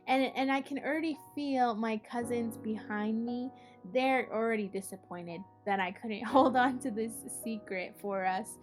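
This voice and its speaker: Young adult woman, higher pitch, casual personal storyteller who talks in a loose, filler-heavy way over faint music. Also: normal speed. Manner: casual, with many fillers like "like" and "you know". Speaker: art project host and storyteller.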